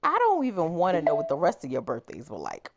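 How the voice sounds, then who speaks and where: A woman crochet vlogger chatting casually as she tells a personal story, animated and exclaiming. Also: sits low, fast talker, highs cut off.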